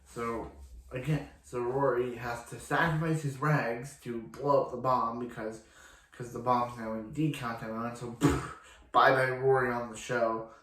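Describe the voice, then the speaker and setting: A man's voice: medium pitch, level tone, measured pace, a bit bright. Guy rambling through a tv episode recap, keeps restarting, echoey room. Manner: rambling, lots of restarts and filler. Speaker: TV show reviewer.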